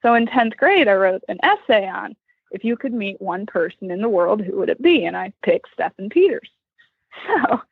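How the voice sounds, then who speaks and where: A woman's voice: medium pitch, big pitch swings, normal speed, vocal fry, husky, dry recording. A woman from Western Pennsylvania, a guest chatting animatedly and telling stories with lots of "like.". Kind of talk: casual storytelling interview. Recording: tinny phone line, remote call.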